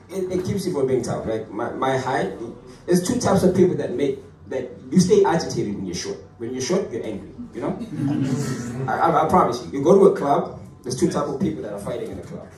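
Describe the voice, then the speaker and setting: A young man from Africa doing stand-up with a put-on British accent, chatty and self-deprecating, often restarting his sentences. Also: medium pitch. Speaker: stand-up comedian. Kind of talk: stand-up comedy set. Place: comedy club stage. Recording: echoey room, far mic, crowd noise.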